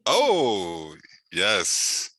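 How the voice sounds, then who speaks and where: A man's voice: fairly low pitch, huge pitch swings, very slow, pushed and bright, husky, no echo. A man hosting an online workshop over a video call, upbeat and chatty, with lots of fillers and restarts. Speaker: host of a workshop speaker series. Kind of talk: casual online event hosting.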